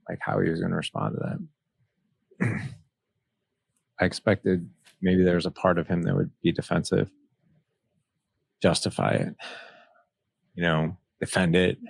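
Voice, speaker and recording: A man's voice: deep voice, creaky, a little mellow, no room sound. A man as a podcast guest, earnestly telling a personal story and retelling past conversations. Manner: earnest, retells dialogue with "he's like".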